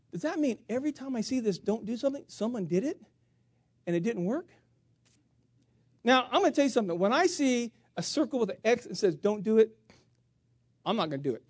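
Animated self-mocking preacher man. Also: very high voice, no echo, studio quality. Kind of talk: sermon storytelling.

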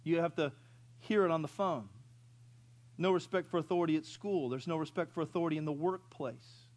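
A man's voice: on the high side, fairly quick, a little mellow. A man in his fifties preaching a sermon, who tells funny stories and asks the congregation questions. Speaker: pastor.

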